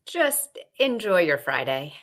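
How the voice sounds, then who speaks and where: A woman's voice: lowish voice, sing-song, slow. A woman co-hosting a podcast in casual chat, dry and teasing. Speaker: podcast co-host.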